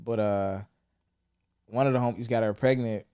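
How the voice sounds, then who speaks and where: A man's voice: on the low side, fairly even intonation, normal speed, warm tone, smooth. Laid-back young man, podcast co-host. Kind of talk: casual chat.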